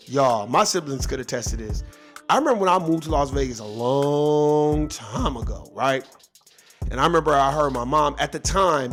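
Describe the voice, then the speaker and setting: A man telling a long, loose personal story in casual vlog style, profane and full of asides. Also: fairly high pitch. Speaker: vlogger.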